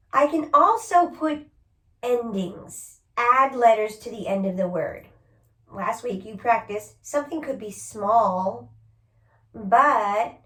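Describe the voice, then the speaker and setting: A woman's voice: mid-range voice, fairly bright tone, echoey room. A woman teacher giving a spelling lesson to children, patiently sounding out each word letter by letter.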